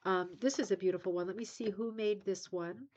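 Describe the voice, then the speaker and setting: A woman's voice: medium pitch, a little fast, darkish tone, dull audio. A woman hosting a casual craft livestream, a little tired and yawning, chatty, musing aloud with frequent ums and asking "right?". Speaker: livestream host of a rug hooking club.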